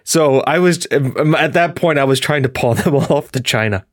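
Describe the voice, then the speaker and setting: A man hosting a podcast, chatting in a rambling, animated way and laughing often. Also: mid-range voice, fairly quick, dry recording, clean studio sound. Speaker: podcast host. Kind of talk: casual chat.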